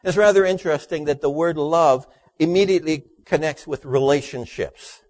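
Man preaching, dropping low for punchlines. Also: normal speed, a little mellow, no room sound. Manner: dry storytelling, voice drops low for punchlines. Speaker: pastor. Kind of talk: sermon with jokes.

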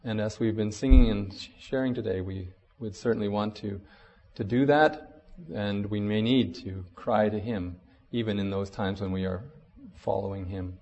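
A man's voice: fairly low pitch, fairly even intonation, moderate pace, darkish tone, big-room sound, lo-fi sound. A man pastor reading a storybook aloud and then closing a sermon in an informal, hesitant way. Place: church.

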